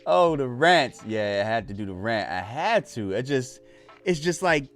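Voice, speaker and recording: Male streamer, mid pitch, very expressive, casual and profane, speech. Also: unhurried, soft background music. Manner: animated, laughing, swearing, loud whoops. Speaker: live stream host. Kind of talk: casual live reaction stream chat.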